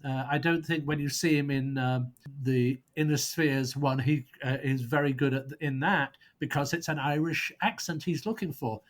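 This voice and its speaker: A man's voice: medium pitch, steady tone, moderate pace, few pauses. A man speaking as a podcast guest, who rambles and searches for words before landing on blunt, scornful verdicts. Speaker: guest prosecutor on a film podcast. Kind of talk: casual podcast debate.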